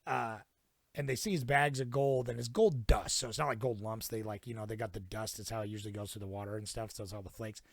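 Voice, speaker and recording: A young man with a gravelly, fry-laden voice talks through a movie plot in a loose, rambling way, swearing freely and dropping into brief character voices. The sound is dry and close, with no room around it. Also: fairly low pitch, fairly even intonation, no room sound. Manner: profane, rambling retelling with quick put-on character voices. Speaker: podcast co-host. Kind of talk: casual film recap chat.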